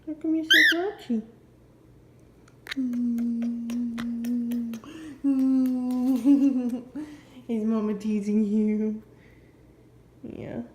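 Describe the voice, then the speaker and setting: A woman at home talking to her pet bird, gently scolding and teasing it. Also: fairly high pitch, fairly even intonation, extremely slow, pauses often. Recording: loud background noise.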